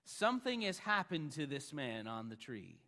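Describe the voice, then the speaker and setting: A man pastor preaching a sermon, emphatic, rising loud on the lines he quotes. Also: medium pitch, big pitch swings, normal speed, big-room sound.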